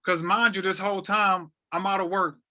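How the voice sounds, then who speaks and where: Bright-voiced man in his thirties, animated storyteller. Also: high voice, moderate pace. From North Carolina, USA. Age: 30s. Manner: animated, repeats words, acts out quoted dialogue. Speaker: podcast guest. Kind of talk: emotional storytelling.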